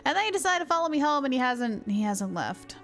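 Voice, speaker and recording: Young woman, game streamer, casual chat, lively intonation, slightly high voice. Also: fast talker, faint music behind. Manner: chatty, self-mocking, lots of "hang on". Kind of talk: casual live-stream chat while gaming.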